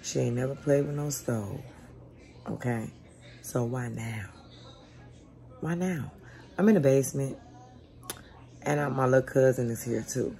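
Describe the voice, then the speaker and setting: A woman's voice: a bass voice, unhurried, vocal fry, pauses often, mellow, faint music behind. A woman in her forties telling a story in a casual, blunt and profane way. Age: 40s. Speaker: vlogger.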